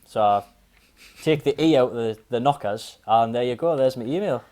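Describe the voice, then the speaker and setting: A man with a Geordie accent and a warm, mellow tone chats as a podcast guest. He tells his story in a relaxed, offhand way and laughs partway through his lines. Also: medium pitch, normal speed. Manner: laid-back storyteller who laughs mid-sentence. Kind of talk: casual podcast chat.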